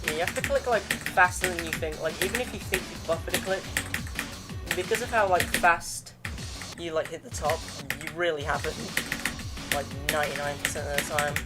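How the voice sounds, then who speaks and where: A young adult gaming streamer talks to viewers between attempts while playing, giving casual, slangy, chatty commentary. The voice is mid-range at a moderate pace, with loud music playing behind it.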